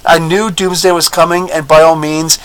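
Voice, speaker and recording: A man talking through a TV episode review in an easy, casual way. His voice sits a bit higher than most men's and gets excitable, full of fillers and quick laughs. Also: clear, resonant tone, poor audio. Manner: excitable, chatty, lots of fillers, laughs often. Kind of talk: casual video review commentary.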